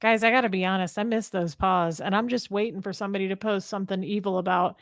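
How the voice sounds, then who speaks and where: A woman's voice: medium pitch, brisk, dry recording, clean studio sound. A woman co-hosting a casual livestream chat, playful and laughing, reading out viewer comments. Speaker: co-host.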